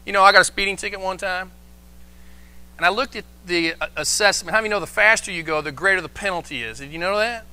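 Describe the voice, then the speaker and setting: Pastor, male, high bright voice, animated live sermon delivery. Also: fast talker, clear, resonant tone. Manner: animated preaching, acts out quoted voices. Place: church, live stream.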